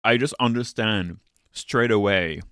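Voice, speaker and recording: A man's voice: lowish voice, unhurried, sharp tone, clean tone, no echo. Dry-miked man rambling on a stream. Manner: rambling, profane, chats with viewers while working. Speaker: streamer and teacher. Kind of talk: casual live-stream chat.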